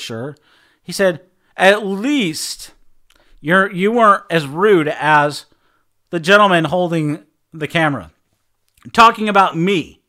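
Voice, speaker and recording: A man delivers a sermon through an animated personal story, voicing both sides of each exchange. His voice sits high and sounds bright and forceful, and he often repeats words and restarts as he goes. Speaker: preacher.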